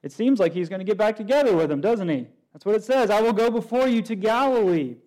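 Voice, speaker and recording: A man's voice: high voice, lively intonation, fast talker, a little mellow, rough recording. A man preaching a sermon as pastor, asking his listeners many rhetorical questions.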